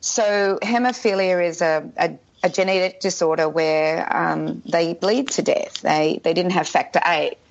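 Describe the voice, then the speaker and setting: A woman with an Australian accent, chatting warmly as a podcast guest and telling her family story. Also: on the low side, steady tone, unhurried, vocal fry, few pauses. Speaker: guest, documentary producer. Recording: dull lo-fi remote audio.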